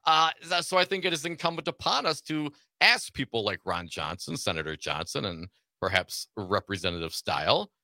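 Lively, bright-voiced male radio host. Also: medium pitch, moderate pace, hardly any pauses, no room sound. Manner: laughs often, reads news items aloud. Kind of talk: casual political talk radio.

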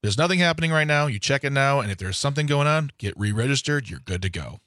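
A man's voice: mid-range voice, expressive, fast, a bit bright, no echo, studio quality. A man co-hosting a casual radio show, making playful jokes. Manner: jokey, playful. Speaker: radio co-host. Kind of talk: casual studio chat.

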